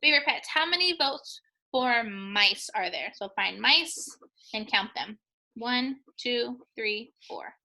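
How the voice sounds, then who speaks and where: A woman's voice: a little high, lively intonation, takes it slowly, sharp tone, low-quality recording. A woman teacher talking students through a math review, chatty and encouraging, joking with the class as she counts out answers.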